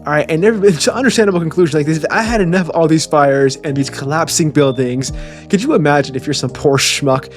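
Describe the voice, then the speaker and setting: A man's voice: fairly high pitch, fast talker, faint music behind. A man casually reacting to a comic chapter, rambling and joking with profanity and stammering repeats. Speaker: manga chapter reviewer.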